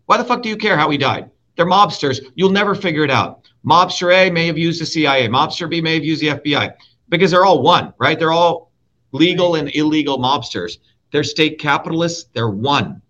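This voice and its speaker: A man from India delivers a heated political rant with a bright, forceful edge, swearing freely and hammering his points with repetition. His voice sits a little high for a man, and the audio sounds somewhat dull and lo-fi. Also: lively intonation, a little fast. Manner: profane, emphatic, repeats key words. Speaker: show host and guest speaker.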